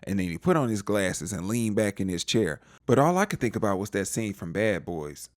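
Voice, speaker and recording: Lively low-voiced man recapping a show. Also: moderate pace, noisy background. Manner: animated, acts out characters' lines in playful voices. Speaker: TV recap reviewer. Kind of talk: casual episode recap commentary.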